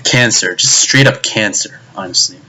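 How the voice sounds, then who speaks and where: A man's voice: lowish voice, normal speed, bright, forceful tone, slight background noise. A young man ranting in a video review, exasperated and profane, often stumbling over his words and restarting. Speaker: anime reviewer.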